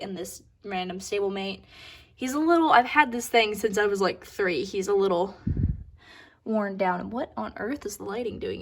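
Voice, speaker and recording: A young woman giving a casual tour of her model horse collection, chatty and upbeat, with occasional stutters and restarts and asides that trail off softly. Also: fairly high pitch.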